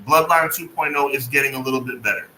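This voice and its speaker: A man's voice: mid-range voice, steady tone, fast talker, bright, forceful tone. A man co-hosting a casual wrestling podcast, talking emphatically and with sarcastic asides. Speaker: podcast co-host. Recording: echoey room with faint noise.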